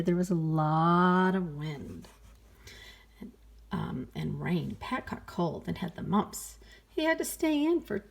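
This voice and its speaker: A woman reading a children's picture book aloud, playful and expressive, sighing and exclaiming along with the story. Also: on the low side, gravelly.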